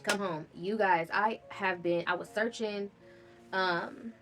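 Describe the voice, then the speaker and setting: Brief: woman vlogger, candid first-person storytelling, frank and loose, average pitch. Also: fairly even intonation, takes it slowly, a bit bright, soft background music. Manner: candid, casual, swears freely.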